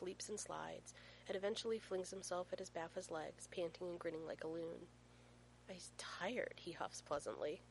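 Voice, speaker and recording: A woman reading a story aloud with playful, expressive comic timing. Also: lowish voice, a little hiss or hum, low-quality recording. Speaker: reader. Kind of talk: storytelling narration.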